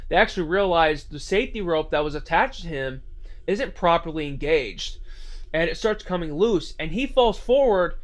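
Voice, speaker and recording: Male storyteller, casual rambling delivery, lively pitch. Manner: rambling, filler-heavy retelling.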